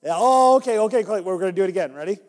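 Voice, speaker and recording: A man rattles off an interactive Bible story in a high, rapid-fire voice, acting as minister to a group of children. He is animated and keeps urging them to join in. Long hall reverb colors the sound.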